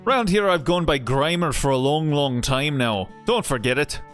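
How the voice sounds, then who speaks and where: A man's voice: a little high, expressive, moderate pace, fairly bright tone, soft background music. A man voicing a cocky young male Celtic warrior hero in an exaggerated Irish accent that drifts into Scottish, with a bouncy, swaggering delivery. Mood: teasing. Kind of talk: reading game dialogue in voices.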